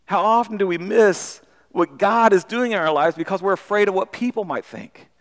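A man preaching a sermon in an animated way, often repeating words as he starts a sentence. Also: high voice, normal speed. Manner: animated, acts out voices of people in the story. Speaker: pastor. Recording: long hall reverb.

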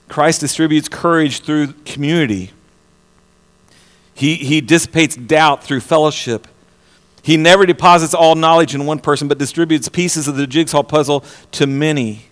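Preacher, man, fervent sermon delivery with stammered repeats, slightly raised pitch, echoing church acoustics. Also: normal speed. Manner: impassioned, repeats words, swings from loud to hushed. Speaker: pastor.

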